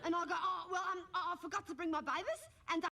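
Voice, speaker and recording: A woman's voice: extremely high pitch, steady tone, fast, pushed and bright, a faint crowd, full character voice. A woman with an Australian accent playing a bratty, cheeky teenage schoolgirl who rambles gossipily in a whiny, sing-song, nasal voice and mimics the people she talks about. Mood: whingeing. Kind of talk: comic monologue to camera. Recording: noisy old TV recording from a distant mic.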